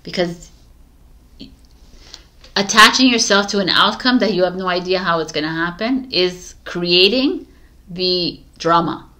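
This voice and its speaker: A woman giving a casual tarot reading to camera, coaching her viewers in an animated way and laughing often. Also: on the low side, measured pace, pauses often. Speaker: tarot reader.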